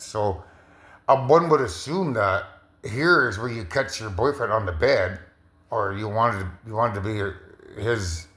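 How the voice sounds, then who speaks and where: A man's voice: mid-range voice, a bit bright. Rambling man in an echoey room. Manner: repetitive, full of restarts and fillers. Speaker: vlogger interpreting a viewer's video. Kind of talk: casual rambling monologue. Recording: roomy echo.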